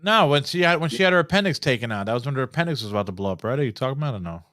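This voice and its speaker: A man who is a podcast guest, chatting casually in an animated, profane way and laughing often. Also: mid-range voice, racing, no echo, studio quality. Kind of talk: casual chat.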